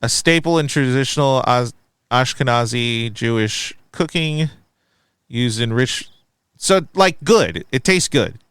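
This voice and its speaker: A man's voice: mid-range voice, a little slow, smooth, no room sound, clean studio sound. A man in his thirties, chatting casually as a co-host of a movie review podcast, reading a critic's review aloud and questioning it. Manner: animated, reads review aloud, quizzical.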